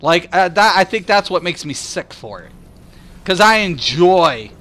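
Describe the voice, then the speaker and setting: A man's voice: high voice, animated, unhurried, a bit bright. A man chatting casually on a game stream, rambling and swearing, laughing often and imitating other people's voices as he tells stories. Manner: mimics people's voices in anecdotes.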